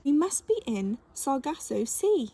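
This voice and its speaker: A woman's voice: high-pitched, very animated, moderate pace, dark tone, breathy edge, heavily acted. A woman voicing a curious, anxious boy in a storybook reading. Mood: excited.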